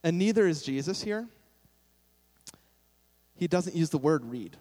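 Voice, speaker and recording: A man's voice: a little high, animated, measured pace, a little mellow. A young man preaching a sermon in a casual, self-deprecating way, with sudden emphatic bursts. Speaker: pastor. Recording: long hall reverb.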